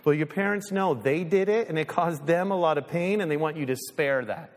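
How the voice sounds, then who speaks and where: Male pastor, high-pitched, animated preaching in a church with long reverb. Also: brisk, hardly any pauses. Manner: animated, acts out little voices, ends in quiet prayer. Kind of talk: sermon. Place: church sanctuary.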